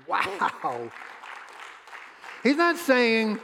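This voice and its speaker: A man preaching a sermon as pastor, emphatic, repeating his words and pausing often. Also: high-pitched, fairly bright tone, some chatter behind. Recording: long hall reverb.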